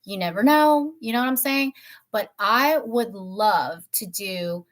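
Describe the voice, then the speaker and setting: A woman's voice: medium pitch, slow. Woman in her 50s from tennessee, beauty channel host, chatty livestream talk, keeps correcting herself. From Tennessee, USA. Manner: chatty and rambling, often correcting herself mid-sentence. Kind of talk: casual livestream chat.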